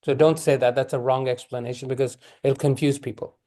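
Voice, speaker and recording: Man teaching quran recitation, warm mellow voice, patient, corrective. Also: mid-range voice, steady tone, a little fast. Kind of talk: tajweed lesson, correcting students.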